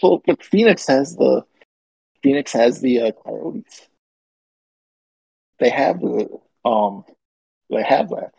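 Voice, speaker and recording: A man's voice: mid-range voice, animated, takes it slowly, vocal fry, pauses often, mellow, slightly rough, no echo, rough recording. A man co-hosting a casual sports podcast, opinionated and teasing his co-host.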